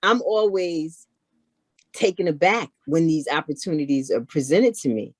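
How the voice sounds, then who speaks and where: Woman, low voice, animated storyteller, dry close sound. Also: moderate pace, breathy edge, no room sound. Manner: animated, acts out others in her stories. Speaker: guest, knitwear maker. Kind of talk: casual storytelling chat.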